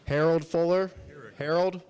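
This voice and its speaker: A man's voice: on the high side, fairly even intonation, darkish tone, clean tone. Polite man calling out names at a meeting. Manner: brisk, polite, reading names off a list. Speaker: meeting chair calling speakers. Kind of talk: procedural meeting talk.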